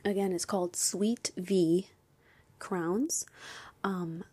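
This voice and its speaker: Gushing breathy young woman. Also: on the low side, extremely slow. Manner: gushing and excitable, often drops to a whisper. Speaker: vlogger. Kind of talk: casual chat.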